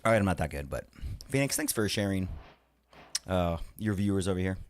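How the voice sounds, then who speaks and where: Excitable low-voiced male streamer. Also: fairly quick. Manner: laughs often, swears, excitable outbursts. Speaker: livestreamer. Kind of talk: casual live-stream chat.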